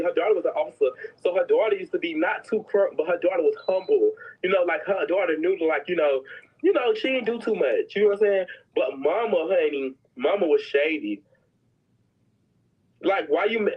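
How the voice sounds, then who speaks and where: Her voice is lowish and slightly rough, animated and brisk, as she spins prison tales in a sassy, dramatic, offhand storytelling style, imitating the voices of others. The audio is muffled and lo-fi.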